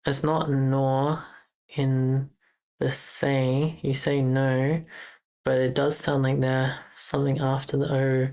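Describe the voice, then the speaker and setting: A woman's voice: extremely low pitch, level tone, a little slow, a little mellow, poor audio. A young Australian woman with an Australian accent, chatting casually on a livestream while she codes, thinking aloud and correcting herself. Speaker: game jam streamer.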